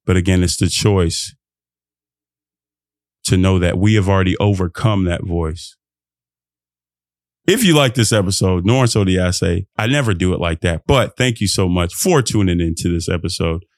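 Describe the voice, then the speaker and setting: A man's voice: low-pitched, normal speed, pauses often, no echo, studio quality. Young man ranting on his podcast. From Texas, USA. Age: young adult. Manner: rambling, preachy, jumps between thoughts; animated, emphatic, laughs often. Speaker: podcast host. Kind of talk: solo motivational podcast rant.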